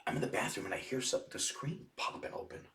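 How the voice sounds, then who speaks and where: A man, a podcast guest, telling rough stories in a rambling, profanity-heavy casual way. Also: low voice, big pitch swings, quick pace, fairly bright tone, far from the mic. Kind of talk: casual storytelling. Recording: echoey room, off-mic.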